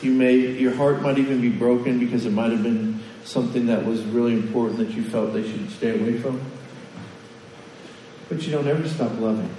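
A man's voice: medium pitch, fairly even intonation, a little fast, mellow, far from the mic. Man preaching in an echoey hall. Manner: conversational preaching with questions to the congregation. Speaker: pastor. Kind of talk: sermon.

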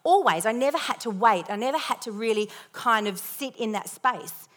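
A young woman telling a lively personal testimony with self-deprecating humor as part of a sermon. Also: fairly high pitch, normal speed.

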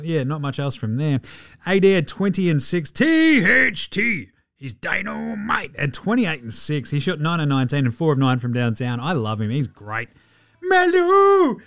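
Excitable Australian man recapping games. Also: a little high, no room sound, clean studio sound. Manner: excitable, swears freely, jokey asides. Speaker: podcast host. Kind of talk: fast casual sports recap.

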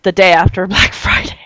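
A woman's voice: fairly low pitch, steady tone, moderate pace, bright, forceful tone, no echo. A woman hosting a casual chat, telling stories animatedly and laughing often.

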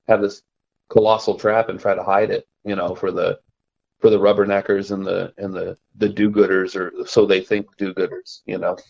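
Here a young trapper sits in as a guest and tells loose, conversational stories, restarting often and chuckling at himself. He has a lowish, creaky voice with a darkish, breathy quality. The audio is dull.

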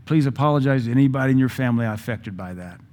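A man's voice: mid-range voice, expressive, quick pace, darkish tone. A man preaching a sermon, telling a personal story in a conversational way and quoting scripture in old English. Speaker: pastor.

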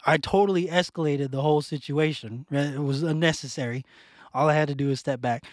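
A man's voice: on the high side, brisk, dry recording, clean studio sound. A man from West Phoenix, a teacher, telling a classroom story in casual, slangy chat and laughing often. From West Phoenix, Arizona. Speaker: teacher, podcast co-host.

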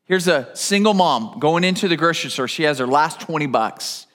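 A middle-aged man preaching a sermon as pastor, telling stories in an animated way with frequent restarts. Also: a little high, normal speed.

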